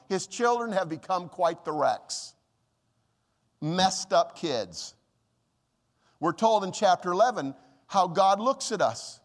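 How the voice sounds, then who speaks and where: Pastor, male, fervent sermon delivery with dramatic swings, reverberant sanctuary. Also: high voice. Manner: impassioned preaching, dramatic rises and drops when quoting God.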